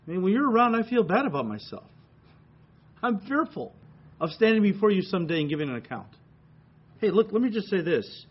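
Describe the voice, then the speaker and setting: Man, pastor, sermon, husky, dull lo-fi recording, rhetorical questions. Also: sits high, sing-song, fairly quick. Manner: preaching with rising emphasis and rhetorical questions.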